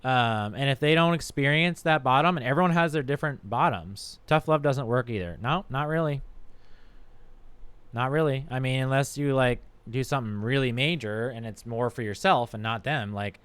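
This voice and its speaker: Doctor guy chatting on stream, smooth clear voice, dead dry sound, swears a lot. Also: medium pitch, normal speed, a bit bright, no room sound. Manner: frank, profane, conversational. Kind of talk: casual livestream talk. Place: home streaming setup.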